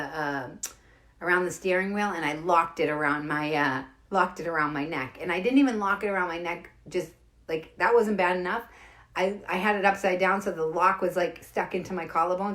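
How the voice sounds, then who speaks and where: A woman's voice: lowish voice, a bit bright. Chatty Boston woman telling stories. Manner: chatty, rambling, greets viewers by name mid-story. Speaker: comedian hosting a livestream. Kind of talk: casual stand-up storytelling to live viewers. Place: home during lockdown.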